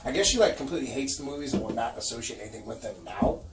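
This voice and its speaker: Over music, a man with a mid-range voice speaks very fast while co-hosting a casual podcast, spinning profane, animated tales and laughing often. It sounds recorded from afar in an echoey room with faint noise.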